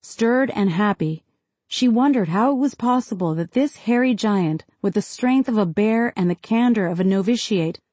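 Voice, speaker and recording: A woman narrates a literary novel in a calm, measured audiobook reading. Her voice is mellow and warm, sitting at a middle pitch. The recording is close and dry, with no room sound. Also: no echo. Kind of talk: scripted narration.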